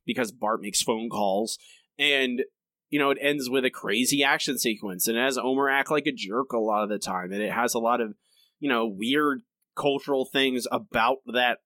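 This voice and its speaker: A man co-hosting a podcast, talking in a rambling, halting way with frequent laughs. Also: mid-range voice, pushed and bright, no room sound, clean studio sound. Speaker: podcast co-host. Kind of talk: casual chat.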